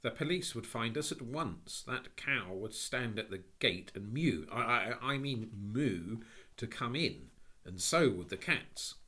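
A man's voice: medium pitch, expressive, pushed and bright, voice pushed up. A man voicing a bossy, scornful schoolboy in a children's audiobook. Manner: brisk and commanding. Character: bossy boy Cyril, confident and scornful. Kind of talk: audiobook character voice.

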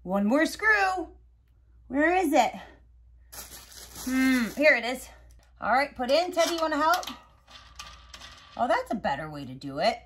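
A young woman hosting a children's learning video, talking slowly in a playful, repetitive, coaxing way as she shows each step. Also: sits high, sing-song, slight background noise. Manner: sing-song, repetitive, gently coaxing. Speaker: children's educational host. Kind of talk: slow, playful teaching to toddlers.

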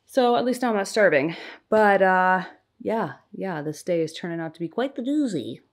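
Tired young mom with a lively sing-song voice. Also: female voice, moderate pace. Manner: chatty, high sing-song talk to babies. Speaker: mother of infant twins. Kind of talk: home vlog with baby talk. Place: home.

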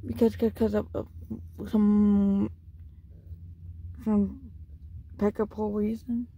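A woman's voice: mid-range voice, little pitch movement, normal speed, slightly rough, narrow, tinny audio. A woman talking to her pet dog at home in coaxing, repetitive baby talk, asking the same questions over and over. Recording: faint background noise.

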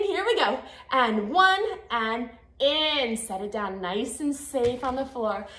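A woman's voice: high voice, expressive, takes it slowly, a bit bright. A woman in her thirties leading an arm workout, upbeat and encouraging as she counts reps, a little out of breath, in her home garage. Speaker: fitness instructor. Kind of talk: guided workout instruction. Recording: echoey garage.

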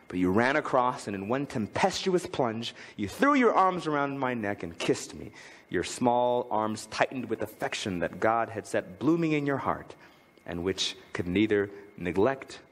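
A man preaching a sermon as pastor, telling a family story and reading a poem aloud with big swings in tone. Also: in a large hall. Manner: lively, swings from high to low when reading aloud. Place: church.

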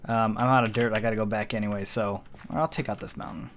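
A man's voice: on the low side, fairly even intonation, quick pace, a little hiss or hum. Rambling man narrating his gameplay. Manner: rambling, self-correcting. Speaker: let's play host. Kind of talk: casual gameplay commentary.

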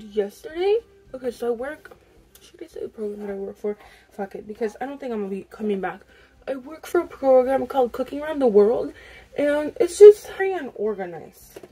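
While getting ready at home, a young woman vlogs casually, rambling through an exasperated story and swearing freely. Her voice is on the high side, mellow with a breathy edge, with lively intonation and a moderate pace over soft background music.

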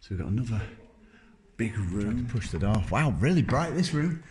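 Very animated and brisk, a thirty-something man with a medium-pitched voice vlogs a walk-through of a large empty building, joking wryly at his own expense. Crowd noise and poor audio mark the recording.

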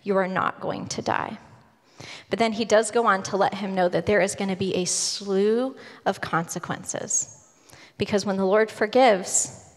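Woman preaching with church hall reverb. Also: medium pitch. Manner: conversational storytelling sermon, voices quoted figures casually. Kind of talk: sermon. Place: church sanctuary.

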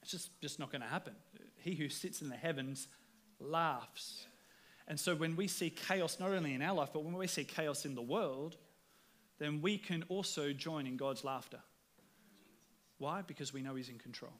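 Aussie pastor preaching, slightly high voice, earnest and chatty, stumbles into sentences. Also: male voice, moderate pace, a bit bright. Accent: Australian. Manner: earnest, conversational, repeats words when starting sentences. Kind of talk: sermon. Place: church.

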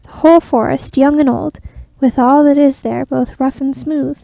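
Girl voicing a bragging little tailor guy, cocky and lively, higher voice, whispered role-play. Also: normal speed, gravelly, no room sound, low-quality recording. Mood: boastful. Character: boastful, quick-witted little male tailor.

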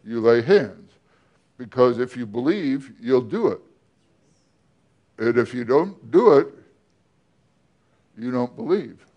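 A man preaching a sermon as pastor, often asking the congregation questions and pausing between phrases. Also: mid-range voice, expressive, highs cut off. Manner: asks the congregation questions, with pauses and restarts.

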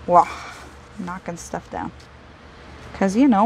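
A woman's voice: fairly low pitch, takes it slowly, vocal fry, long pauses, music in the background, poor audio. A woman hosting a casual crafting video, chatting and joking at herself as she works. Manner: chatty, self-deprecating, talks to herself while working.

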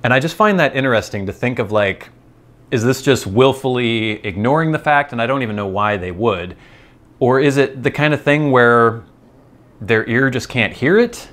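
A man's voice: medium pitch, moderate pace, fairly bright tone. An American man hosting his channel, talking in a chatty, digressive, amused way. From United States. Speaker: host. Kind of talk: casual rambling monologue.

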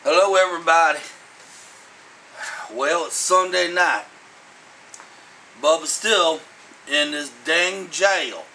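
A man's voice: fairly high pitch, slow pace, long pauses, sharp tone, slight background noise, heavily acted, low-quality recording. A man playing Bubba, a dim-witted jailed man who talks about himself in the third person. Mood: scheming.

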